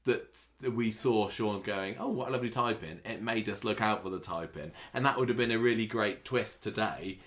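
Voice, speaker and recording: A man's voice: lowish voice, moderate pace, hardly any pauses, fairly bright tone. A man co-hosting a podcast, talking through plot twists at length in a chatty, thoughtful way. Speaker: podcast co-host. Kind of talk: casual recap chat.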